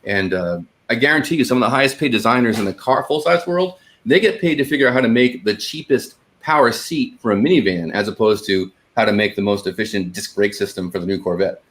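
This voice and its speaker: A man's voice: lowish voice, fairly bright tone. A man co-hosting a casual podcast about hobby cars, rambling and correcting himself as he goes. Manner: talks fast, with restarts and asides. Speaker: podcast co-host. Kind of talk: casual chat.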